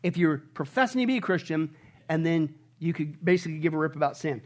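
Male pastor, sermon delivery, higher-pitched voice, emphatic, with rhetorical questions. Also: animated, fast talker.

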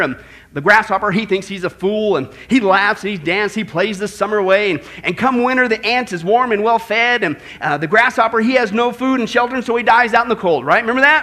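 A man preaching a sermon, animated and playful, asking his congregation rhetorical questions. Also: high voice. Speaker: pastor.

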